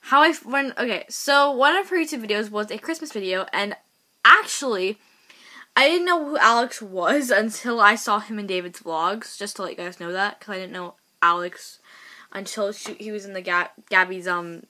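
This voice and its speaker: Bright, excitable woman rambling a storytime. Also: mid-range voice. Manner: rambling, excitable, many restarts and repeats. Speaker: vlogger. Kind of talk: storytime vlog.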